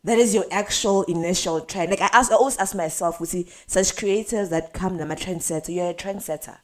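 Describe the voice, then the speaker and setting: A woman's voice: on the low side, a little fast, darkish tone. A woman hosting a casual podcast, asking long, rambling questions. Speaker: podcast host.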